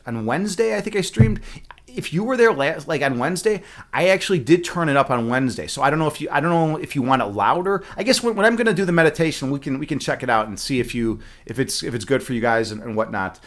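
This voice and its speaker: A man's voice: medium pitch, sing-song, a little fast, fairly bright tone. A man live-streaming and chatting casually, a chess instructor who rambles with many fillers and restarts and laughs often.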